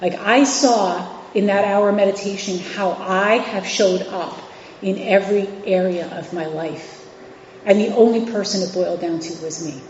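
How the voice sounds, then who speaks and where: A woman's voice: mid-range voice, a little slow, a little mellow, slight background noise. A woman in her forties from New York City and Virginia, giving a candid, conversational recovery share as a guest speaker at a meeting, with frequent fillers and restarts. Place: meeting hall. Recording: echoey hall, dull lo-fi sound.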